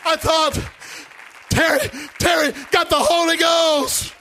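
High, bright-voiced male preacher. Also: little pitch movement, slow pace, a faint crowd, slight background noise. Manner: impassioned preaching storytelling. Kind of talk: sermon testimony.

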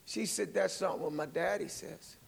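A man preaching a sermon in a church. He tells a story softly, drops to near whispers, then rises to shouting praise and speaks in tongues. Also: high-pitched, normal speed, creaky, breathy edge, long reverb tail.

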